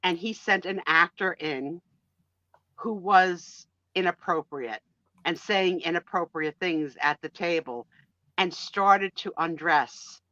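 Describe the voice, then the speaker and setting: A woman in her sixties hosting a casual live-stream chat, talkative and quick to laugh. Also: lowish voice, no room sound, lo-fi sound. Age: 60s. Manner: chatty and animated, laughs easily. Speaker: host.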